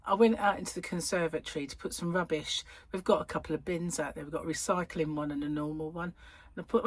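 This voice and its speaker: A middle-aged woman chats away from her home. Her voice sits fairly low and has a husky, slightly breathy grain. She rambles through asides and laughs easily. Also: darkish tone. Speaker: crochet channel host. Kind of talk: casual chat to camera. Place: at home, indoors.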